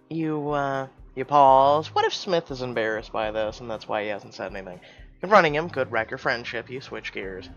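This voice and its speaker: A man reads a story game aloud and reacts between passages with loud, animated exclamations. The audio is slightly muffled, with soft music running faintly underneath. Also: mid-range voice.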